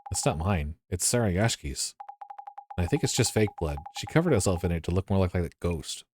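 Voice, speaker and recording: A man voicing a calm, blunt young woman detective who speaks matter-of-factly. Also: deep voice, brisk, background noise. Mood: cool.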